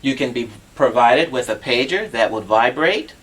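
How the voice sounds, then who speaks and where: A man's voice: medium pitch, animated, moderate pace, fairly bright tone, a little hiss or hum. A man demonstrating assistive telephone equipment on a TV show, patient and instructive, walking through each step.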